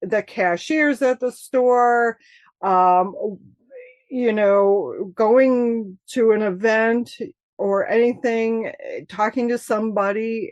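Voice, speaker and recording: A woman's voice: fairly high pitch, slow pace, dry recording, dull audio. Woman from michigan talking about her travels, chatty, laughs a lot, dry close mic. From Michigan, USA. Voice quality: chatty, laughs often, animated storytelling. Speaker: author guest. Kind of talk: casual interview chat.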